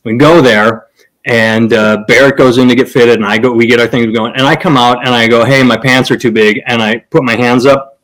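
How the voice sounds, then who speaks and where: A man's voice: mid-range voice, steady tone, a little fast, a bit bright, poor audio. A man casually telling a long story among friends, rambling, cursing freely and restarting his sentences. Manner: rambling, profane, restarts, acts out quoted people. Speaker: podcast host telling a story.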